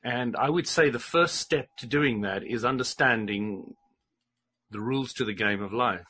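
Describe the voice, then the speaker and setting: A man's voice: medium pitch, moderate pace, sharp tone, a little hiss or hum. A man chatting casually on a podcast, explaining with a joking manner. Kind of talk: casual chat.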